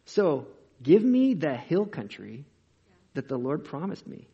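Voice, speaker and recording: A man voicing a vigorous, eager old man of eighty-five who speaks loudly and declaims, in a dull lo-fi recording. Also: on the high side, big pitch swings, unhurried, gravelly, breathy edge, exaggerated voice. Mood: bold.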